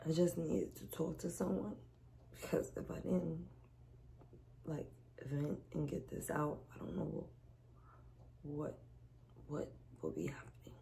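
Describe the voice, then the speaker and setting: A stressed, exhausted woman venting to her vlog viewers in a weary, halting way. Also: low-pitched, vocal fry, dark tone, slight background noise. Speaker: vlogger.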